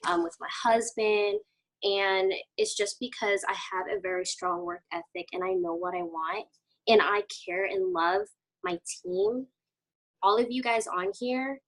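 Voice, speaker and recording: Woman team leader, video call, animated and slightly gravelly, eager and emotional. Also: a little high, rough recording. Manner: enthusiastic, emotional, laughs often.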